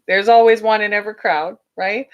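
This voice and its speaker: Woman livestream host, mid pitch, conversational, reads comments, quick to laugh. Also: steady tone, highs cut off. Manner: conversational, chuckles at trolls, asks "right?". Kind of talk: casual live talk reading viewer comments.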